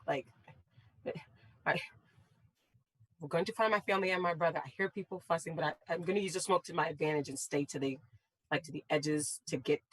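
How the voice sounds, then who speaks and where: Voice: medium pitch, fairly bright tone, breathy edge, no room sound, rough recording. A player speaking in a tabletop role-playing game, describing actions hesitantly with many restarts.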